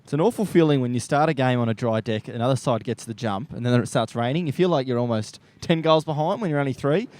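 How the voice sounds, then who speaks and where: A man's voice: medium pitch, fast, hardly any pauses, darkish tone, dry recording. A man giving chatty analysis as co-commentator on a live local football broadcast. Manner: chatty analysis, calls the commentator mate-style by first name. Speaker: expert co-commentator.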